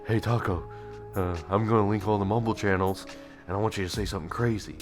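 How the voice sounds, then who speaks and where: A man's voice: on the low side, fairly even intonation, fast, over music, lightly acted. Laid-back young male gamer buddy, muttered and offhand, as a narrator puts him on. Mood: scheming.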